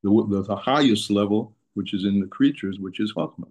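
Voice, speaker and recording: Delivering a daily text lesson, this Torah teacher speaks briskly in a lowish, somewhat mellow voice. His manner is explanatory: he restates terms over and over and drops quoted Hebrew words into English.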